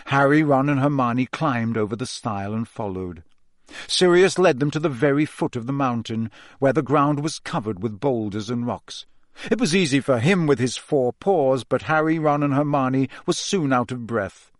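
A man's voice: mid-range voice, moderate pace, dry recording, clean studio sound. A man reading a novel aloud as an audiobook narrator, telling the story steadily and voicing the characters' quoted lines himself.

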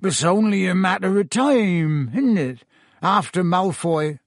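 A man voicing a huge, miserable half-giant gamekeeper who has been drinking, with slurred, slow rustic speech. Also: sits high, sing-song, slightly rough, no room sound, clean studio sound, voice pushed up, exaggerated voice.

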